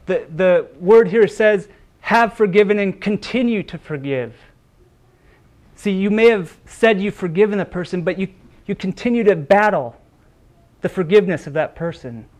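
Man, pastor, sermon, fairly high voice, earnest, repeats himself. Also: normal speed, darkish tone. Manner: earnest preaching with repeated words and brief restarts.

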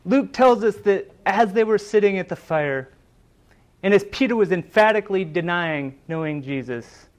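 Male preacher, fairly high voice, earnest sermon delivery, dramatic storytelling. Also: expressive, moderate pace. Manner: earnest, dramatic retelling of scripture with emphatic quoted lines.

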